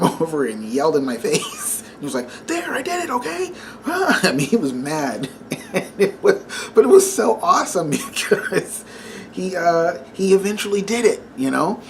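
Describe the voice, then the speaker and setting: A man's voice: a little high, a little hiss or hum. A man in his thirties gives a casual devotional talk, speaking conversationally with lots of fillers and laughing as he tells a story. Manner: conversational, many fillers, laughs while telling. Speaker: Christian vlogger.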